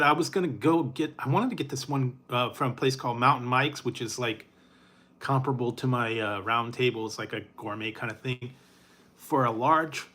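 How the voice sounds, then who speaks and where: A middle-aged man chatting casually with his live viewers, rambling and laid-back. He talks at an ordinary mid pitch, chuckles often and fills pauses with ums and uhs. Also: fairly bright tone. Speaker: food reviewer.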